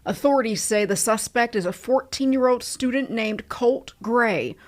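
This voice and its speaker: Higher-voiced woman reading news narration. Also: a little mellow, slight background noise. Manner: measured, formal delivery. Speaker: news reporter.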